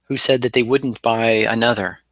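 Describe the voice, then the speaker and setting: A man's voice: medium pitch, fairly even intonation, normal speed, fairly bright tone, no room sound. A man co-hosting a car podcast, relaying a report in rambling casual talk with many ums and restarts. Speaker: podcast co-host.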